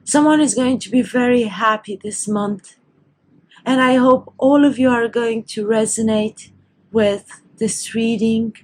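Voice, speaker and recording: A woman's voice: on the high side, steady tone, unhurried, rough recording. A woman giving a tarot reading to camera, her voice emotional and teary as she nears crying. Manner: tearful, overcome with emotion. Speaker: tarot reader.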